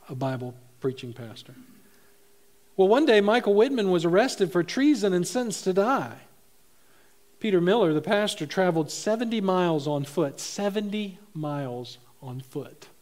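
High-voiced, animated male pastor. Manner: animated, swinging between loud emphasis and soft low asides. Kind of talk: sermon. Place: church.

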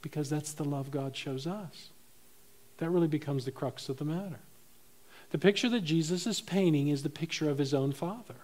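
A male pastor delivering a sermon in his church, his voice pitched notably high. He is animated, climbing to loud emphatic peaks and then dropping to quiet, low asides. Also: moderate pace.

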